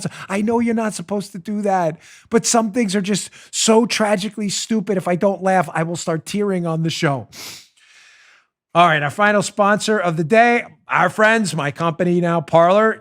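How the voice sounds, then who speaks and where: A middle-aged man hosting a political talk show, sarcastic and mocking, often breaking into loud theatrical ranting. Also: a little high. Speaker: host.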